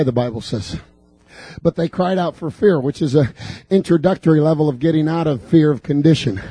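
A man preaching a fervent sermon in a church, building repeated declarations up to shouts. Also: a little high, creaky, husky, no room sound. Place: church sanctuary.

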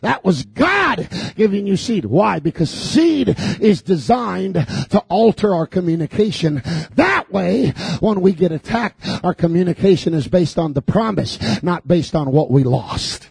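Fervent gravelly preacher. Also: male voice, sits high, big pitch swings, measured pace, no echo. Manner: fervent, repetitive declarations building to shouts. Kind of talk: sermon. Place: church sanctuary.

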